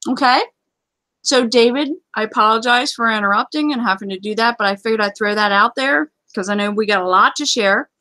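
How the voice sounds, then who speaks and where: A woman's voice: on the high side, a little fast, bright, forceful tone, dry recording, poor audio. Woman host, casual live show chat, chatty and rambling, dry close sound. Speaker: livestream host.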